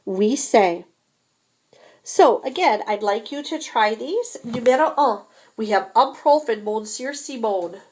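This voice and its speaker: A woman teaching a beginner French lesson, slowly modeling each phrase for students to repeat. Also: on the high side, expressive, darkish tone. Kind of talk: classroom language lesson.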